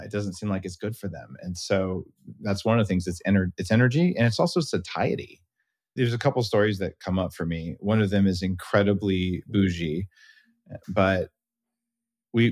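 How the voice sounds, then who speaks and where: A man's voice: brisk, no room sound. A middle-aged man hosting a casual interview, telling stories animatedly and quoting his children in a raised voice. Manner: animated storyteller, quotes his kids in a high voice. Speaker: podcast host.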